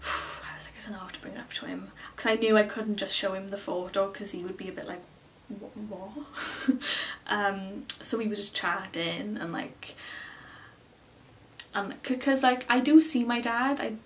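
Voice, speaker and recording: A woman's voice: medium pitch, moderate pace. A young woman talking casually to the camera from a small cluttered room at home, chatty and full of fillers, retelling what people said. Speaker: vlogger. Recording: slightly distant with faint room noise.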